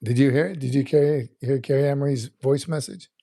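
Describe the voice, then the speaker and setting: A man's voice: mid-range voice, steady tone, fairly quick, vocal fry, warm tone, no echo, clean studio sound. A man in his fifties hosting a casual livestream, chatting loosely and reading out viewer comments while often repeating his words. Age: 50s. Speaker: livestream host.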